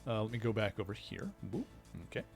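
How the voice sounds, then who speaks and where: A man's voice: lowish voice, animated, quick pace, darkish tone, soft background music. Man rambling through game commentary. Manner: rambling, explanatory, greets chat viewers. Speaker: livestreamer playing a video game. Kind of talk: casual let's-play commentary.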